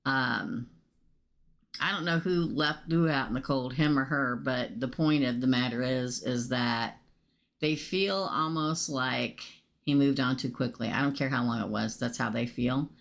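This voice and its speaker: A woman's voice: extremely low pitch, vocal fry. A woman doing a casual live tarot reading, naming cards and chatting with viewers about their questions. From United States. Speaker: tarot reader.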